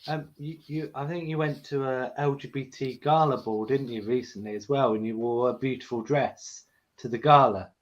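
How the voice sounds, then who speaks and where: A man's voice: medium pitch, moderate pace. A man hosting a casual live stream, playful and chatty as he asks his guest questions. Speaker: host. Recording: dull lo-fi stream audio.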